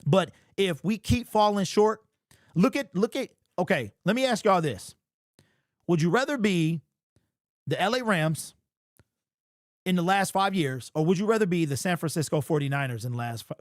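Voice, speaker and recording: A man from hosting a casual sports talk stream, answering chat in an animated, conversational way. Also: fairly high pitch, no echo, clean studio sound. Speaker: podcast host.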